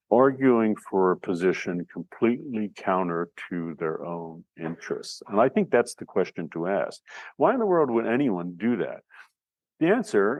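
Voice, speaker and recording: Deep-voiced man lecturing, loose and conversational. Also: a little mellow, no echo. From United States. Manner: conversational, thinking aloud with fillers and restarts. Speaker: instructor. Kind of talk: recorded lecture.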